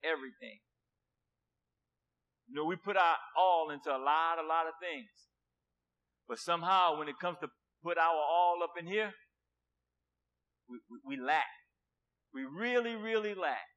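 A man preaching a sermon with passion, dropping to a hush and then rising loud, repeating words for emphasis. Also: on the high side, unhurried, long pauses, dull audio. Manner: impassioned, swinging from hushed to loud.

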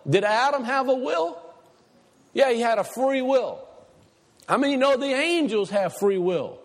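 High-voiced preacher in reverberant hall. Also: male voice, animated, moderate pace. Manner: asks the congregation questions. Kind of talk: sermon.

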